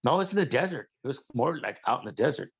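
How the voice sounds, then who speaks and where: A man with a gravelly voice recounts a night drive in casual, halting speech, full of restarts. His voice sits at an ordinary pitch. The recording is dull and lo-fi. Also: lively intonation. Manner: rambling, halting with many restarts. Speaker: guest sharing a UFO sighting. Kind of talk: casual storytelling.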